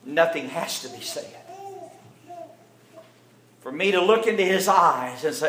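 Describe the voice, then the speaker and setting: A man's voice: on the high side, expressive, unhurried, long pauses, fairly bright tone, slight background noise. A man preaching a sermon, telling the story with feeling and acting out the characters' lines.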